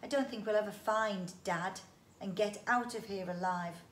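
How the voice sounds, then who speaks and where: A woman's voice: mid-range voice, moderate pace, slight background noise, natural voice. A woman reading a worried young boy. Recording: roomy echo.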